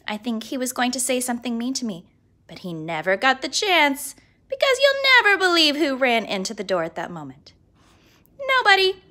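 Expressive woman reading a kids' book. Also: high-pitched. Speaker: storybook reader. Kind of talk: read-aloud children's book narration.

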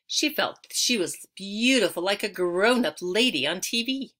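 A woman's voice: lowish voice, pushed and bright. A woman reading a children's chapter book aloud, telling it expressively and lingering on key words. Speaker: audiobook reader.

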